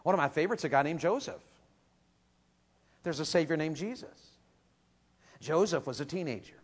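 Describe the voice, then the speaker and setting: Male preacher, sermon, high voice, very lively pitch, storytelling, rises to shouts. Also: normal speed, long reverb tail. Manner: animated storytelling, building to shouts; asks the audience questions.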